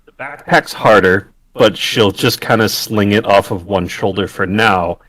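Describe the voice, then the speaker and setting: A man playing a tabletop game, describing his character's actions in an unhurried, descriptive way. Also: lowish voice, a bit bright, no echo. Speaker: player.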